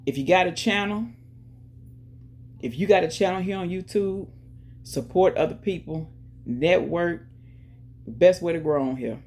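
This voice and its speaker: A woman hosting her own channel, chatting casually and directly to viewers, giving shout-outs and talking about faith. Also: fairly low pitch, unhurried, long pauses. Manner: chatty, talks straight to viewers with lots of "y'all". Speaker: YouTube channel host. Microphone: earphones in, music playing in her ear.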